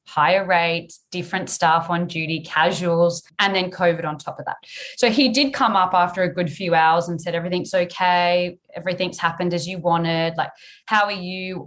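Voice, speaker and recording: Frank young woman telling her story. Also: on the low side. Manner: frank and lively, swears freely, acts out her past self. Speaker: guest sharing her birth story. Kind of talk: candid podcast storytelling.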